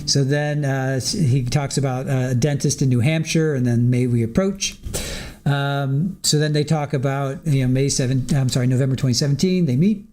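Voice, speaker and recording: A man's voice: medium pitch, steady tone, moderate pace, a little mellow. A man recapping a trial in casual live commentary, laughing often as he retells what witnesses and the judge said.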